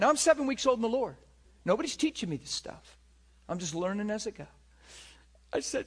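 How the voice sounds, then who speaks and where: Middle-aged male preacher, higher voice, lively storyteller who acts out every voice. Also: a little fast, pauses often. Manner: animated, acts out voices and cries out. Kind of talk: storytelling sermon.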